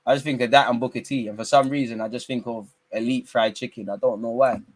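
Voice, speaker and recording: Young male watch-along host, loose and slangy, with loud teasing bursts. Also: medium pitch, quick pace, dry recording. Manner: teasing, slangy banter with sudden excited outbursts. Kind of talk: live football watch-along commentary.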